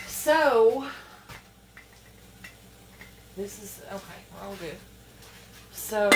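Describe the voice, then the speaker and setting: In an echoey home kitchen full of clattering pans, a woman with a medium-pitched voice is picked up off-mic from a distance with background noise. She runs a chatty cooking demonstration for her vlog, folksy in tone and fretting aloud as she fumbles.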